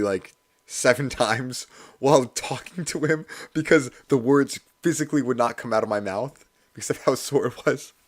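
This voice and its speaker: A man with a hoarse voice chatting casually and laughing at himself while livestreaming. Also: on the low side. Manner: chatty, self-deprecating, laughs often. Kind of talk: casual study stream chat.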